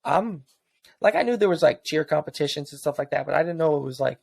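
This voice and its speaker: A joking male podcast co-host trading self-deprecating banter. His fairly high voice carries a gravelly fry. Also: expressive, fast, darkish tone, dry recording. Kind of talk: casual chat.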